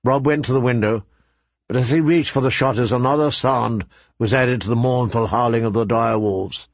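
A man narrating a story in a measured, even audiobook reading. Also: mid-range voice, dry recording.

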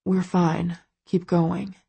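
A woman voicing a controlling young husband who stays quiet and measured while tense underneath. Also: lowish voice, little pitch movement, breathy edge, no room sound. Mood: calm, guarded.

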